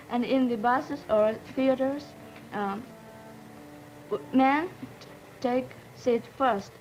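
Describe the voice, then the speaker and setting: A teenage girl from Japan, a native Japanese speaker with a Japanese accent, talking haltingly as a student panelist and searching for words. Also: sits high, slight background noise, poor audio. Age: teens.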